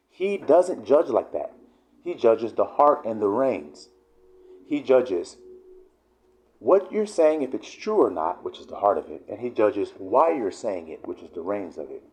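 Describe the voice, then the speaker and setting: A man's voice: mid-range voice, sing-song, normal speed, a little mellow. A man preaching in a fiery, emphatic, profanity-laced sermon style. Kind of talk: street-style sermon vlog.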